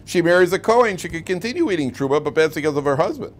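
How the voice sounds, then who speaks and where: A man's voice: fairly high pitch, lively intonation, very fast. A man teaching a casual Torah class, chatty and joking, acting out quoted lines. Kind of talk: informal classroom lecture.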